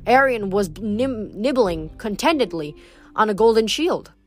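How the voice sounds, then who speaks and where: A woman's voice: mid-range voice, animated, a little slow, darkish tone, faint music behind. A woman reading a novel aloud, with occasional stumbles and self-corrections. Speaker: audiobook reader.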